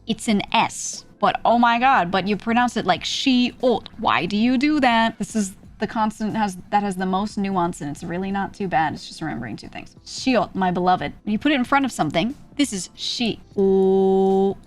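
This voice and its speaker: A young woman streamer giving a casual Korean lesson, chatty and laughing often as she sounds out syllables. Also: on the high side.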